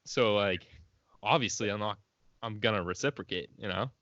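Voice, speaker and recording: A young man, one of the hosts of a casual podcast, talks in a laid-back, joking way. His voice is lowish yet bright in tone, recorded dry and a little dull. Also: moderate pace, dry recording. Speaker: podcast co-host. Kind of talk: casual storytelling chat.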